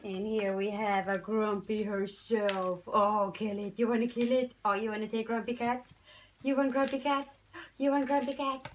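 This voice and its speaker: This young Norwegian woman is a pet vlogger who unboxes new things at home and coos to her animals in a sing-song way. Her mid-range voice moves little in pitch and runs at a moderate pace. The home recording is noisy.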